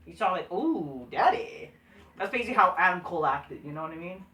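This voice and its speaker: Woman, wrestling reviewer, profane dismissive rant, bright edgy voice, echoey room, far from mic. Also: on the low side, rapid-fire. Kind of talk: ranting casual review.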